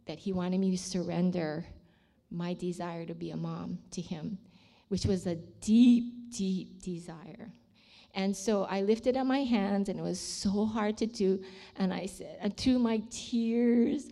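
A woman's voice: mid-range voice, slow, gravelly, mellow. An older woman sharing a personal faith testimony in an earnest, heartfelt storytelling manner.

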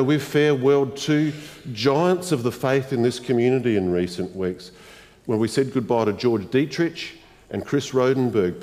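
A man preaching a sermon as the pastor of a church congregation, in a slow, reflective way, often asking the listeners questions. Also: medium pitch, a little mellow. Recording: long reverb of a church hall.

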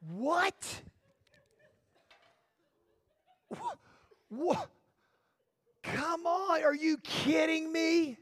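A man's voice: very high-pitched, extremely slow, fairly bright tone, dry recording, clean studio sound, heavily acted. A pastor acting out a blind man awaiting healing in a sermon story, complaining with comic exasperation. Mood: incredulous.

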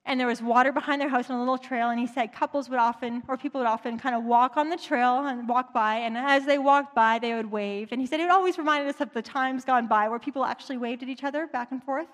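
A woman's voice: high-pitched, fast, hardly any pauses. A woman preacher retelling a story in a chatty, conversational sermon, in a church. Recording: long reverb in a large hall.

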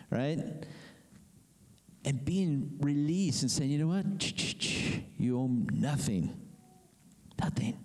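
A man delivers a lively sermon from the pulpit, tossing questions out to the congregation. His voice is warm and mellow, sitting in a middle pitch. The sound rings with the long reverb of a church hall. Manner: animated preacher, asks the congregation questions. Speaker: pastor.

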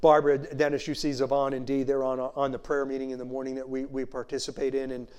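A male pastor preaching a sermon in a conversational way, full of "you know" asides and slowing down to stress key phrases. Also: medium pitch, monotone, a little mellow, smooth. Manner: slows down to stress scripture phrases.

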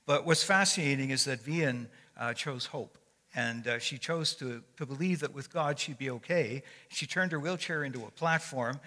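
A man's voice: mid-range voice, normal speed, bright, forceful tone. An older man giving a sermon as a guest speaker. He tells stories in a conversational way with frequent fillers and restarts. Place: church sanctuary. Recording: long echo of a large hall.

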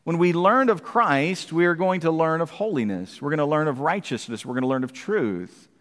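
High-voiced preacher in a reverberant church. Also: male voice, animated, moderate pace, a bit bright. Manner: emphatic preaching, asks the congregation questions. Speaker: pastor. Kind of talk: sermon. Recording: long hall reverb.

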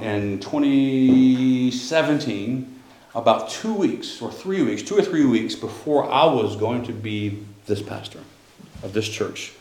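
A man's voice: mid-range voice, darkish tone, reverberant. A middle-aged man, a pastor preaching a sermon and telling a personal story in a loose, conversational way with restarts. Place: church sanctuary.

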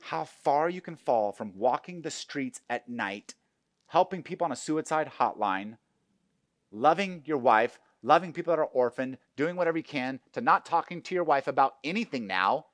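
A man's voice: fairly high pitch, animated, moderate pace, no room sound. Fervent male pastor preaching a sermon. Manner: personal storytelling, swinging from hushed to loud and fervent.

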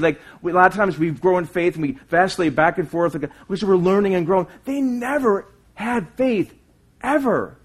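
A man with a husky, slightly raised voice preaches to his congregation. He speaks earnestly and keeps asking them questions. He swings from loud, pressing statements to quiet, murmured asides. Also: high-pitched. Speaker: pastor. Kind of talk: sermon.

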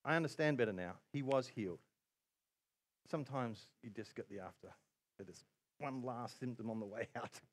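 Animated man preaching a sermon. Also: mid-range voice, normal speed. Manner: animated storytelling with quoted asides and laughs. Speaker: pastor.

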